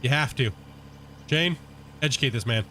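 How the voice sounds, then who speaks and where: A man's voice: medium pitch, moderate pace, a little hiss or hum. Laid-back man chatting on a game stream. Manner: relaxed, rambling, filler-heavy banter. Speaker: gaming streamer. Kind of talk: casual chat with live viewers while playing.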